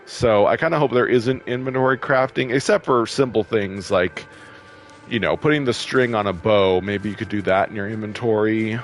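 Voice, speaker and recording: A man casually commenting while playing a game, chatty and quick to get irritated, laughing often. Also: fairly low pitch, slight background noise. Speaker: gameplay video host.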